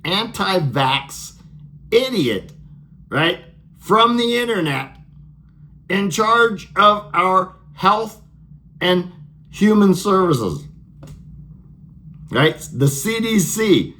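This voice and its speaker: A man's voice: high voice, very animated, very slow, pauses often, sharp tone. A man delivering a sarcastic, profane political rant, laughing at his own jokes. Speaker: political vlogger.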